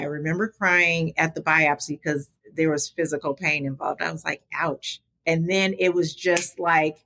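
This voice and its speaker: A middle-aged woman, a podcast guest, telling her story candidly in an animated, conversational way. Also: lowish voice, vocal fry. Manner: animated, talks to the host as "girl". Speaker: podcast guest, small business advocate.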